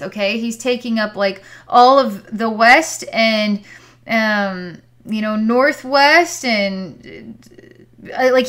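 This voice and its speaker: A woman's voice: a little high, a bit bright. Hesitant woman describing psychic visions. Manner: hesitant, searching for words, with sighs. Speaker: psychic healer. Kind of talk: describing visions in a distance healing session.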